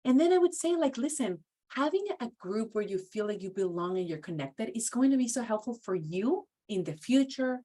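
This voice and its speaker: A woman's voice: on the high side, animated, moderate pace, few pauses, warm tone. A woman giving a conversational training talk, casual and full of "like" and "you know.". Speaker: presenter at a professional training.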